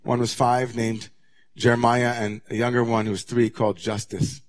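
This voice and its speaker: Male rabbi, mid-pitched voice, sermon delivery with dramatic hush-to-raised swings. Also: little pitch movement, normal speed.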